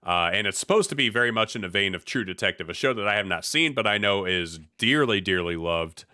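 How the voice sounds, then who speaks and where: A man's voice: lowish voice, lively intonation, brisk, bright, forceful tone, no room sound, studio quality. A man from the US Midwest hosting a podcast in casual chat, laid-back with slang and frequent restarts. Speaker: podcast host.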